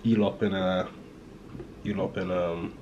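A man's voice: low voice, little pitch movement, unhurried, a little mellow, highs cut off, slight background noise. A young man from Liverpool chatting to his camera at home in a rambling, self-mocking way, full of fillers and restarts. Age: young adult. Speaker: vlogger. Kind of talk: casual rambling vlog chat. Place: at home indoors.

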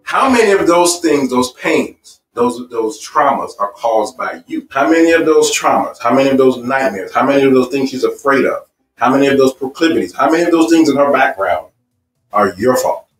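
A man's voice: medium pitch, animated, normal speed, distant mic, faint music behind. Emphatic man teaching a seminar, echoey. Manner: emphatic and repetitive, stacking phrases; illustrates points with personal stories. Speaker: marriage seminar speaker. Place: seminar room.

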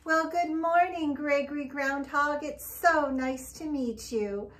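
A woman teaching a circle time lesson to young children, talking in a slow, exaggerated, sing-song way. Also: high voice, animated. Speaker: preschool teacher.

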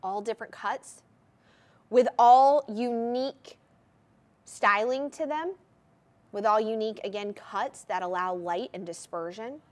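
A woman's voice: fairly high pitch, unhurried. A woman hosting a live TV shopping show, presenting jewelry in an enthusiastic, gushing sales patter. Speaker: shopping channel host.

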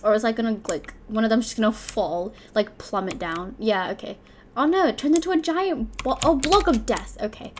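A young woman chatters through live gameplay commentary, breaking into loud excited yelps and muttering to herself between rounds. Her voice sits a touch high, with a faint hiss of noise underneath. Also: normal speed. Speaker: gaming channel host.

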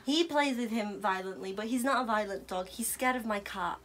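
A woman's voice: mid-range voice, fairly quick, fairly bright tone. A young woman vlogger chatting playfully with her dog, slipping into baby talk and laughing often. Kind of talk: casual chat with her pet.

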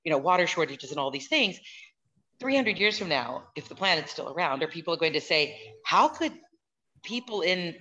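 A woman who teaches political science, speaking on a video call in a thoughtful, halting way with many fillers and restarts. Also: deep voice, expressive, pushed and bright, highs cut off. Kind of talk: casual discussion.

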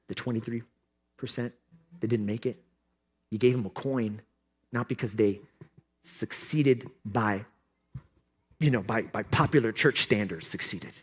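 A male pastor preaching a conference sermon, moving between joking asides and loud, impassioned exhortation. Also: medium pitch, husky. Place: conference hall.

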